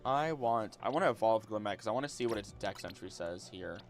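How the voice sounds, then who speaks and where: A man's voice: on the low side, animated, a little fast, faint music behind. Young man rambling on a game stream. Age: 20s. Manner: rambling, repeats words, talks to chat. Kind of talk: casual gameplay livestream chat.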